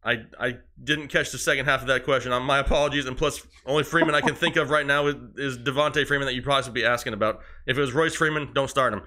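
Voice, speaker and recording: Bright-voiced man firing off quick picks. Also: medium pitch, fairly even intonation. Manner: quick verdicts, breathless run of picks. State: out of breath. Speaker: fantasy football co-host. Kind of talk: rapid-fire lineup advice on a live stream.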